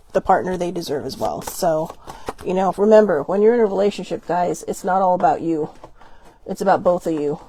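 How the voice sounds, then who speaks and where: A woman's voice: on the low side, gravelly, mellow, slight background noise. A woman hosting an oracle card reading show, talking in a rambling, chatty, self-deprecating way with lots of fillers. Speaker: host.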